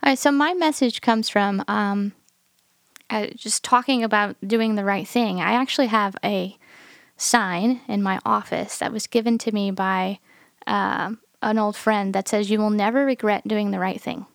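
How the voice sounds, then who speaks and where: A woman, a pastor, in a podcast Bible discussion, who retells stories in a lively way and acts out the dialogue. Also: medium pitch, moderate pace, gravelly, smooth, no echo.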